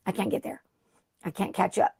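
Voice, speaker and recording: Middle-aged lady rambling on her craft live stream, mellow warm voice, dry close sound. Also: fairly quick, dry recording. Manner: rambling, chatty, greets viewers by name. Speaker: craft livestream host. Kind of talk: casual live-stream chat.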